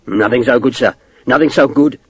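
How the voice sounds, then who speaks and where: A male narrator voicing a fawning, scheming army sergeant who talks in rough working-class grammar and keeps calling people sir. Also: mid-range voice, normal speed, dry recording, natural voice. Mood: mournful.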